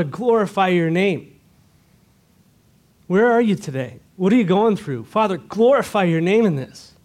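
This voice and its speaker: A man's voice: sits high, darkish tone. A man preaching a sermon to his church, earnest and direct, asking the congregation rhetorical questions. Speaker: pastor.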